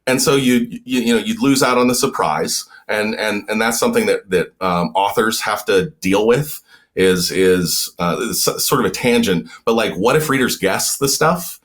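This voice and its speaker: A man, a novelist guest on a podcast, talking in casual conversation, stammering and repeating words in bursts with a lively rise and fall. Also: moderate pace. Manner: animated, swinging pitch up and down.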